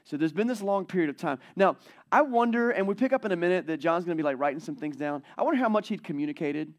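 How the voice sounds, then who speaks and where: A man preaching a sermon, retelling scripture in a chatty, animated way. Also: high voice, fast. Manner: conversational, animated storytelling. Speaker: pastor.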